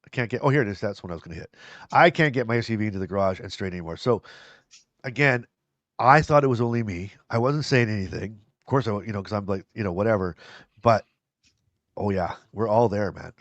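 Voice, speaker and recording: A man's voice: on the low side, fast, dry recording, lo-fi sound. A man co-hosting a live show, chatting casually and reading viewer comments aloud. He rambles, repeats himself and laughs easily. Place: live stream.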